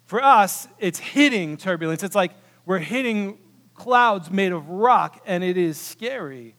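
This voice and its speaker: A man preaching a sermon, telling a story with animated quoted voices, swinging from loud bursts to hushed, quiet moments. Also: sits high, moderate pace. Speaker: pastor. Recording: long hall reverb.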